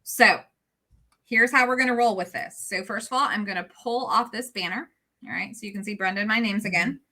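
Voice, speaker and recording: Friendly woman host, very bright voice, casual and chatty on a video-call stream. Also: mid-range voice, brisk. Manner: friendly, chatty, laughs easily. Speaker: livestream host. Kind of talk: casual livestream hosting.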